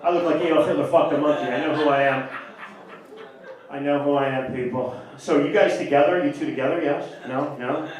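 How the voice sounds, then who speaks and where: A man's voice: on the high side, fairly even intonation, fairly quick. A man doing stand-up comedy in a club, teasing the audience with brash, crude banter. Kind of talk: stand-up comedy with crowd work. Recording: echoey club from far off.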